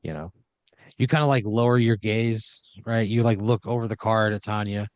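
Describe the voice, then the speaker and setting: A man narrating an improvised comedy story as game master, deadpan and laid-back with lots of filler words. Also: on the low side, moderate pace, no room sound, lo-fi sound.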